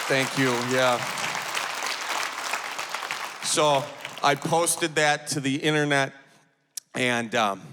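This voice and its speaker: A man in his thirties with a Wisconsin accent, doing animated stand-up storytelling on a large theater stage. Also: fairly high pitch. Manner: animated, shouting punchlines. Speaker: stand-up comedian. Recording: live theater, long reverb, crowd.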